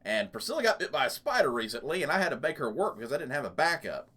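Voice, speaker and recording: A man's voice: a little high, big pitch swings, fast, sharp tone, husky. A man hosting a gaming channel, casually talking through his let's play with lots of fillers. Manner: rambling, chatty, lots of fillers.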